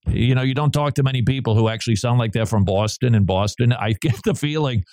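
A man's voice: medium pitch, fast talker, darkish tone, dry recording, clean studio sound. A man hosting a radio talk show, chatting in a loose, digressive way and laughing between remarks. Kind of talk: casual on-air banter.

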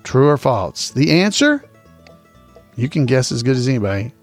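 A man's voice: mid-range voice, sing-song, moderate pace, soft background music. A man hosting a casual trivia podcast, repeating each question in a folksy, chuckling way. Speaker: trivia host.

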